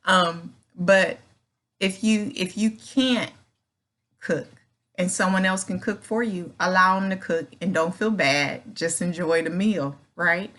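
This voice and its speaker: A woman's voice: fairly low pitch, measured pace, fairly bright tone. A middle-aged woman hosting her own channel, giving earnest, encouraging advice in a folksy, casual way and often asking "right?". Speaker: channel host. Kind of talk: casual advice talk to camera.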